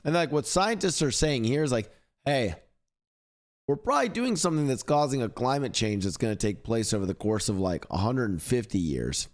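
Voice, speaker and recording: A young male streamer ranting at his chat in a swear-filled, heated voice. His pitch sits in a middling range, and his talk runs loose and rambling, with lots of "like" and restarts. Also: sing-song, normal speed. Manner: profane ranting at chat, rising to shouting. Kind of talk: live stream reaction commentary.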